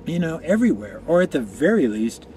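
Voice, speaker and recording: A man's voice: a little high, big pitch swings, a little fast, a crowd in the background. A man from Colorado, a guest on a casual chat show, telling long rambling stories full of profanity and side tracks. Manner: rambling, profane, tangential storytelling. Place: room where marijuana is being smoked.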